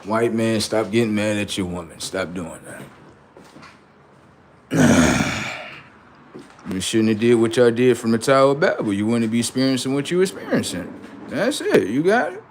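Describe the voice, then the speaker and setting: On his livestream, a man preaches in a combative style, firing off rhetorical questions and street slang. His voice is lowish and his pace moderate, with frequent pauses and slight background noise.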